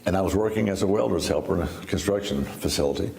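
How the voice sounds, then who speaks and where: Gravelly deep-voiced older man telling a story. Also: fast, a little mellow, echoey room. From Texas. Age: 70s. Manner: folksy storyteller, laughs, restarts, acts out quotes. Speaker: interview guest. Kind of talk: personal testimony in a sit-down interview.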